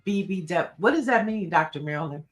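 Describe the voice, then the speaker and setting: A woman co-hosting a morning news show, animated and quick to laugh, with plenty of fillers. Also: lowish voice, faint music behind. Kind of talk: casual news chat. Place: Los Angeles.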